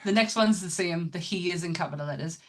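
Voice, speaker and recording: A woman's voice: fairly low pitch, fast talker. A woman with a British accent co-hosting a casual podcast, chatty, with many ums and restarts. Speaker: podcast co-host.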